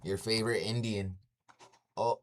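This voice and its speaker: A man's voice: on the low side, measured pace, slight background noise. Man chatting loosely on a live stream. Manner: profane, keeps saying "yo"; animated storytelling with sound effects. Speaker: livestreamer. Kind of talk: casual live-stream chat.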